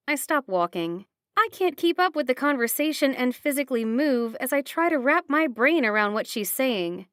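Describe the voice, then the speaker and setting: A woman reading a first-person romance audiobook with steady, expressive narration. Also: on the high side, normal speed, no room sound, clean studio sound.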